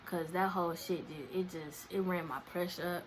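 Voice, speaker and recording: A woman's voice: lowish voice, steady tone, moderate pace, background noise. A young woman vlogger telling a story in a casual, slangy, profane way. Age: young adult.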